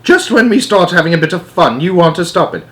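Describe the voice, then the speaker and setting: A man voicing a cranky, wild old grandmother who shouts in a shrill voice. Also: sing-song, a little fast. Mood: rowdy.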